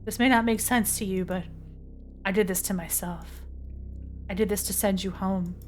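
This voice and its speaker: A woman reading the lines of a young male huntsman who is dying, in a soft, low, tender voice. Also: fairly even intonation, normal speed, faint music behind, natural voice.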